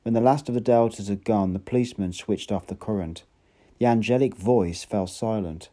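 A man's voice: lowish voice, normal speed, mellow. A man narrating an audiobook in an unpolished reading with occasional slips and restarts.

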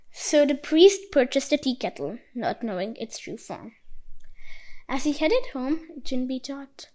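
A woman with a high, light voice reads a folk tale aloud. Her narration is expressive and animated, lifting for surprises and dropping for quiet moments. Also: unhurried, rough recording. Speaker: storyteller. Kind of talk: storybook narration.

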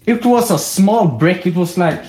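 A man's voice: high voice, expressive, moderate pace, dark tone. A young man from Sweden co-hosting a casual podcast, rambling through stories and laughing often. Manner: giggly, rambling storyteller. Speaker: podcast co-host. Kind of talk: casual chat. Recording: roomy echo.

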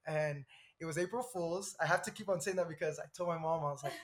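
A Southern Californian man in his thirties, appearing as a podcast guest, tells a personal story in a lively, rambling way. His voice is a little high and he talks fast, laughing often and drifting into side remarks.

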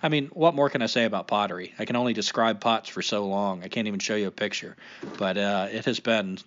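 A man's voice: lowish voice, quick pace, fairly bright tone. Male podcast host, sick with a cold, rambling and casual. Lo-fi sound. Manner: rambling, many fillers and likes. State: has a cold. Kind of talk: casual chat. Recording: dull lo-fi recording.

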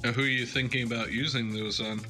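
A man's voice: mid-range voice, steady tone, quick pace, pushed and bright, soft background music. A man co-hosting a casual gaming chat, joking and asking rambling questions. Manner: jokey, self-deprecating, asks long questions. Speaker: co-host.

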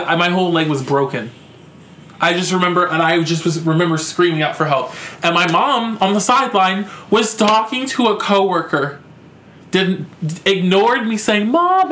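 A young man with a notably high voice tells a story on his podcast, cursing freely and sounding animated and exasperated. His voice carries a clear room echo. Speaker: podcast host. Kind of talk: casual storytelling. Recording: echoey room.

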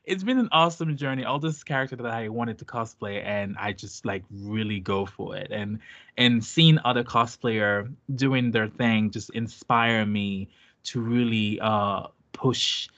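A man's voice: lowish voice, a little slow, a bit bright, highs cut off. A man from Haiti with a light Haitian Creole accent, a guest talking casually and hesitantly with many fillers and restarts. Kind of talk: casual interview chat.

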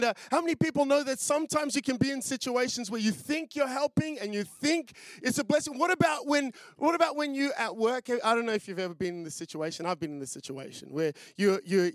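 An Australian pastor in his thirties preaches in a loose, chatty way, telling stories with lots of fillers and restarts. His voice sits high for a man. The sound is dry, with little room echo. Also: lively intonation, a little fast. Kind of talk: sermon. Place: church.

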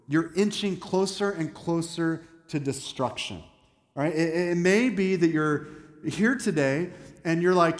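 A man preaching a sermon as pastor, animated, acting out quoted voices and dropping self-deprecating asides. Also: fairly high pitch. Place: church sanctuary. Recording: echoey church hall.

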